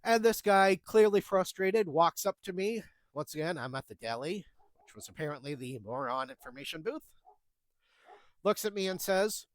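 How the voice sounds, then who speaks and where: Chatty man with a lively, high voice. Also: normal speed, no room sound. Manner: chatty, wry, acts out the dialogue. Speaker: storyteller recounting retail jobs. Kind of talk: casual storytelling.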